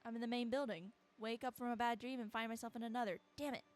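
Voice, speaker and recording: A woman's voice: fairly high pitch, fairly even intonation, quick pace, lightly acted. A woman voicing a groggy, frustrated teenage schoolgirl in a game. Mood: dazed.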